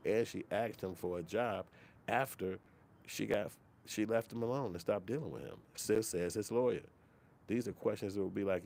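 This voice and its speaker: Male host with a deep voice, casual and profane, animated opinion talk with a faint hiss. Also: normal speed, creaky. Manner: profane, animated, slips into mock quoted voices. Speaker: commentary channel host.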